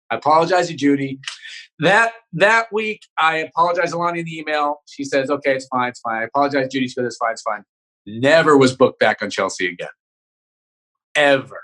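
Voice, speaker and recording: A man's voice: fairly high pitch, pushed and bright, low-quality recording. A man who is a comedian guest on a podcast, telling a story in casual chat, rambling and swearing with many restarts.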